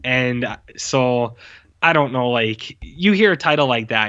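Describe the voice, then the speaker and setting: A man's voice: mid-range voice, expressive, unhurried, bright, forceful tone, lo-fi sound. A man co-hosting a podcast, recapping a movie in loose casual chat full of fillers. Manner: rambling, loose, lots of fillers. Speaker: podcast co-host.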